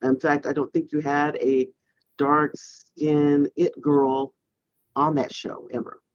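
A man co-hosting a casual panel chat, reflective and halting, with many "you know"s. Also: a little high, level tone, dry recording. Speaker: podcast co-host. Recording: dull lo-fi sound.

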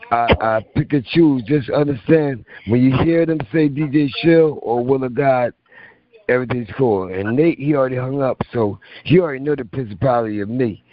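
Rambling emphatic male radio host. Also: mid-range voice. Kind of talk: casual call-in radio chat. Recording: muffled internet radio stream.

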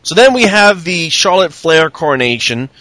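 Lively, bright-voiced man in casual chat. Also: fairly high pitch, normal speed, no room sound. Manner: lively, profane, acts out wrestlers' lines in put-on voices. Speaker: podcast co-host recapping wrestling.

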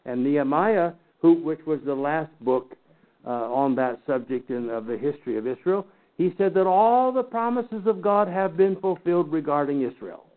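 Bible teacher, man, higher-pitched, folksy teasing lecture, tinny phone-like sound. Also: animated, normal speed. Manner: folksy, teasing asides to the class. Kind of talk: lecture to a class.

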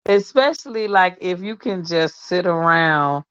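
A woman hosting a podcast in relaxed, casual talk, quick to laugh and affirm. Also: lowish voice, clean tone, dry recording, dull audio. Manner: relaxed, laughs easily, says "Amen" and "Yes, Lord". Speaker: podcast host. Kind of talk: casual chat.

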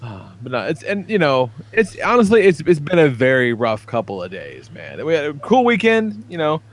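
A man's voice: on the high side, wildly swooping pitch, normal speed. A man in his thirties telling rambling, profane stories on a casual podcast. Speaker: podcast co-host.

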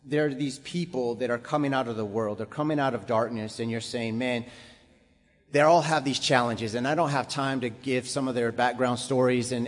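A man preaching a sermon to a congregation, building up to emphatic, repeated exhortations. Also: mid-range voice. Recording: long hall reverb.

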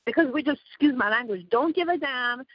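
A fairly high-pitched woman originally from Iran speaks emphatically as a talk radio guest, jumping from point to point and cutting in often. The sound is dull and lo-fi, with a very dry, close feel. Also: brisk, no room sound. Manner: rambling, emphatic, interrupts often. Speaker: radio show guest, activist. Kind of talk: talk radio call-in chat.

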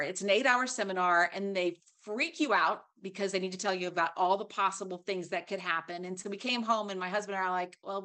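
A woman's voice: medium pitch, a bit bright. Middle-aged woman, interview guest, earnest heartfelt storyteller. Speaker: guest actress. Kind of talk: casual interview talk.

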